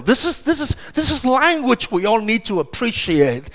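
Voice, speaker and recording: High-pitched man preaching slowly. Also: very animated, fairly bright tone. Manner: emphatic, repetitive preaching cadence with rhetorical questions. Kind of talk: sermon.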